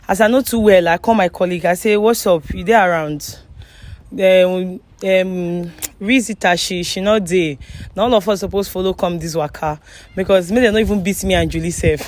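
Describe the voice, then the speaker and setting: A woman's voice: lowish voice, normal speed, a little mellow. A woman with a Nigerian accent hosting an online chat show, chatty and mixing Pidgin into her English. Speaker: host.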